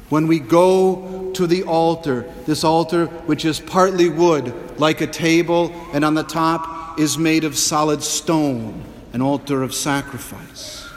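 Man, priest, measured homily with humorous asides, slightly high voice, long church reverb. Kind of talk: Easter homily.

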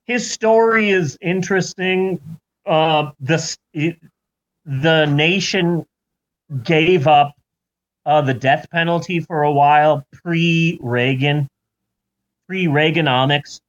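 Slow, rambling comic narrator, man, higher voice, dull recording. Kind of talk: comedic storytelling.

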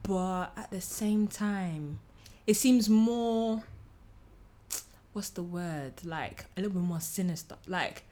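A woman's voice: mid-range voice, slow pace. A young woman co-hosting a casual podcast, emphatic and slangy as she tells her view. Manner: emphatic, animated storytelling, slangy. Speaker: podcast co-host. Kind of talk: casual chat about films.

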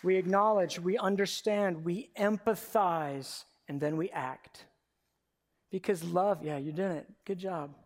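A man preaching a sermon from the pulpit, moving between hushed, personal storytelling and loud, emphatic exhortation. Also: high-pitched, unhurried, a faint crowd. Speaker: pastor.

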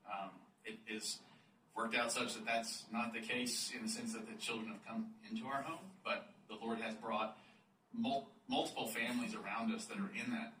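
A man speaking in a measured, reflective way as a church friend giving testimony. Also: lowish voice, steady tone, sharp tone. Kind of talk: personal testimony. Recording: roomy, distant mic, faint noise.

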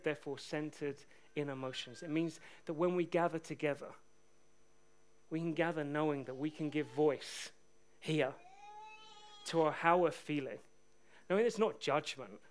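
High-voiced man preaching a sermon. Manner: animated, swings from shouting to hushed. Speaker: pastor.

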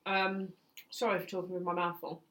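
A woman's voice: lowish voice, little pitch movement, a little fast, a bit bright. A woman co-hosting a casual film podcast, enthusiastic and blunt, swearing casually. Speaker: podcast co-host.

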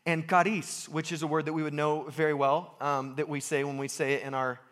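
A young American pastor preaching a sermon, lively and self-deprecating, repeating phrases for emphasis. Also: male voice, on the high side, brisk.

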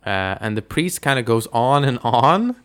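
A man co-hosting a casual movie review podcast, retelling scenes in a lively way and laughing often. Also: mid-range voice, moderate pace. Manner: animated retelling, acts out lines, laughs often. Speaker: podcast co-host.

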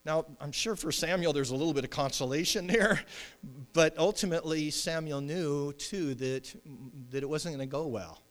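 Animated preacher man in an echoey hall. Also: on the high side, normal speed. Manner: conversational preaching with many fillers and restarts. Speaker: pastor. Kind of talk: sermon.

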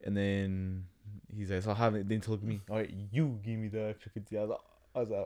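A low-voiced young man talking fast in a casual chat with a friend. His story is slangy and full of swearing, and he acts out what people said as he retells it. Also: flat delivery, mellow, no room sound.

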